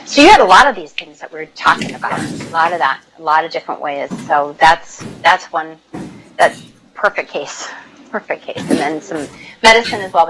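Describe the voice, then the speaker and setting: Energetic woman lecturing a class. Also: low-pitched, fairly quick. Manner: energetic, coaxing, leads group exercises. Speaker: nursing instructor. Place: lecture hall. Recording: loud background noise.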